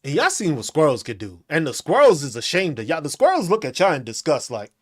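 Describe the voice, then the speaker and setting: A man's voice: a little high, huge pitch swings, fast, breathy edge. A man hosting a podcast, mocking and profane, ranting at commenters and laughing between taunts. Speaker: podcast host.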